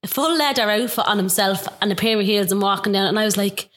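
A woman hosting the conversation and asking gentle, probing questions. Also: mid-range voice, fast. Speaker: host. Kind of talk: casual interview chat.

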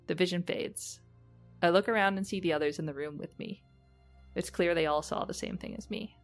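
A woman's voice: fairly low pitch, moderate pace, creaky, soft background music. A woman playing a tabletop game, narrating a scene and chatting with friends. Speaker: player. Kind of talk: casual chat and in-character narration.

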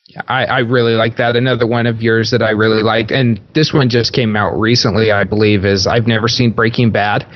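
A man's voice: lowish voice, little pitch movement, a little fast. A man co-hosting an interview, speaking in a friendly way and complimenting the guest's work. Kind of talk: casual interview chat. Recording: dull lo-fi sound.

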